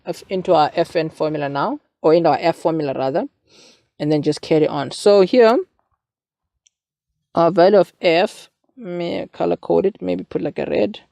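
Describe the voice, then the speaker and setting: A young South African man tutors his way through a maths exam paper in a chatty, casual manner, often asking listeners "you see". His voice is a little high, gravelly and slightly mellow, with no room sound.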